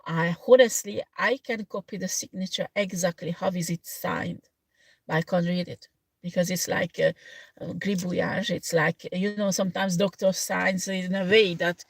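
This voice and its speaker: A woman tarot reader chatting casually on a livestream, rambling in halting second-language phrasing and often breaking into laughter. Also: lowish voice, breathy edge, dry recording.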